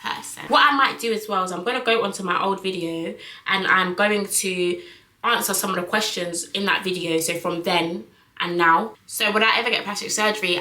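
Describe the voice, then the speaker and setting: A woman's voice: medium pitch, bright, forceful tone, roomy sound, low-quality recording. A young woman, chatting frankly to camera in a casual vlog, full of fillers. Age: young adult. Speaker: vlogger.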